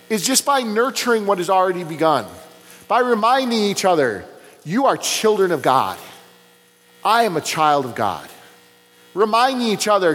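Lively high-voiced man preaching in a hall. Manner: conversational, with fillers and laughs. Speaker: pastor. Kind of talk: sermon. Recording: long reverb with mains hum.

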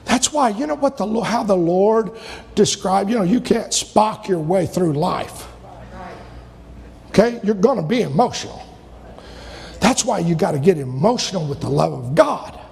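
High, gravelly-voiced preaching pastor, man. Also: expressive, normal speed, big-room sound. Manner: preaching with loud shouted peaks and sudden drops. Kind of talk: sermon.

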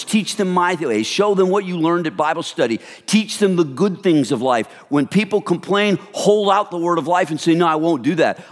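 Preaching man in a reverberant hall. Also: fairly high pitch. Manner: animated preaching, acts out gossip in hushed voices. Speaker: pastor. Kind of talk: sermon.

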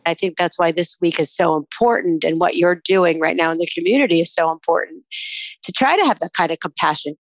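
A woman's voice: on the low side, brisk, dry recording, low-quality recording. Encouraging woman co-host, dry sound.

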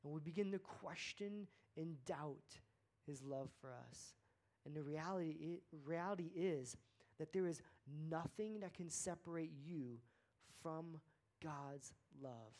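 A man's voice: a little high, slow pace, darkish tone. A man preaching a sermon in an earnest, conversational way, often repeating words for emphasis. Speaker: pastor.

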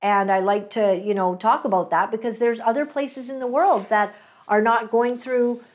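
A woman's voice: on the high side, fairly even intonation, moderate pace. A woman from Canada hosting a talk show, telling a personal story in a chatty way with many fillers and asides. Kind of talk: casual faith-based commentary.

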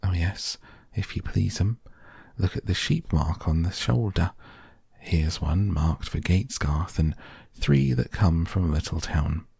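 A man playing a stout, anxious hedgehog washerwoman from a storybook, fussing over her laundry with endless polite "if you please" phrases. The voice is husky and gravelly, lifted a little above a deep speaking voice, dry and close. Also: animated, a little slow, darkish tone, no echo, full character voice. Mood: fussing politely.

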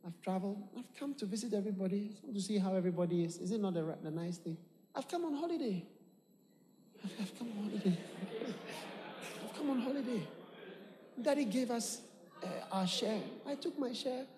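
A man's voice: high voice, brisk, long reverb tail, background noise, lightly acted. A man doing a rambling boastful prodigal son. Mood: self-justifying. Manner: rambling, stammering excuses. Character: boastful young man back home from abroad, evasive.

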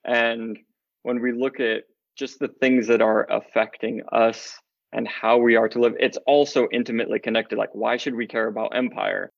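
A man's voice: mid-range voice, little pitch movement, moderate pace, gravelly, dry recording. A man talking earnestly and laughing often as a guest in a casual podcast chat about faith, with dull lo-fi sound.

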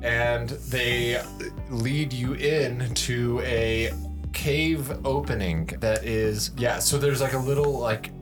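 A man's voice: medium pitch, fairly even intonation, takes it slowly, music in the background. A man narrating as game master in a casual, loose way, with lots of fillers and laughs.

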